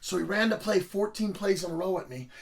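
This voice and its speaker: A man's voice: high voice, animated, brisk, gravelly. A middle-aged man casually telling rambling, profane stories about his school football days. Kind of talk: casual storytelling.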